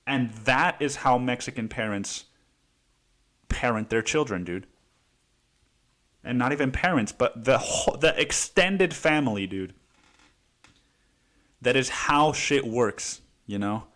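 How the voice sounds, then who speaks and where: A man of middle pitch hosts a podcast and tells a story in a loose, heated monologue. He swears freely and keeps saying "dude" as he goes. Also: measured pace, pauses often, fairly bright tone. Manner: profane, heated, says "dude" often. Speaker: podcast host.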